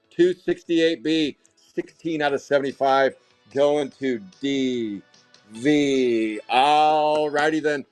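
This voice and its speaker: A man with a somewhat high voice rattles off cards and jokes with his chat during a live break. He sounds hyped and a bit out of breath. Faint music plays underneath. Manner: hyped, rapid, joking with chat. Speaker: card break host. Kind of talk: live-streamed card break commentary.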